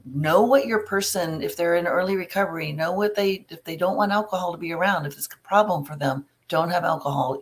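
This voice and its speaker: Chatty middle-aged woman giving frank advice. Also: sits low. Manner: casual, chatty, frank advice with everyday examples. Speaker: family recovery coach. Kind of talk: live Q&A, answering viewer questions.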